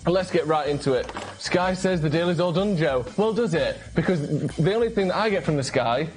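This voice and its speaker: A young man hosting a jokey late-night show, full of sarcastic, deadpan asides. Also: fairly high pitch, a little fast, faint music behind. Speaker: host. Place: small home studio.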